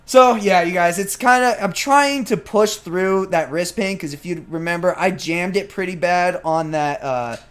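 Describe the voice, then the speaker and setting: A man's voice: high voice, normal speed, hardly any pauses. A young man chatting casually as a gymnast vlogger, talking over his training footage, answering viewer questions and acting out what he said at the time. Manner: chatty, animated, acts out his own past remarks.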